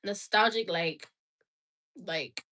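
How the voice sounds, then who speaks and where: A woman's voice: mid-range voice, takes it slowly, a bit bright, slight background noise. A woman vlogging casually, playful and chatty, talking straight to her viewers. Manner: playful, talks to viewers, breaks into laughter and snatches of song. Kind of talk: casual reaction vlog.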